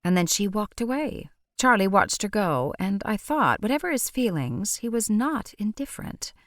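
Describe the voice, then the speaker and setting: A woman narrating an audiobook in a measured, wry way. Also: medium pitch, very animated, dry recording, clean studio sound. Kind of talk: scripted narration.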